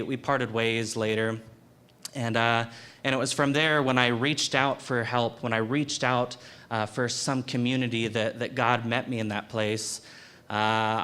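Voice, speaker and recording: A young man giving a personal testimony in a university chapel, speaking earnestly and haltingly, often repeating words. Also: mid-range voice, sharp tone, clean tone. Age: young adult. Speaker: student speaker.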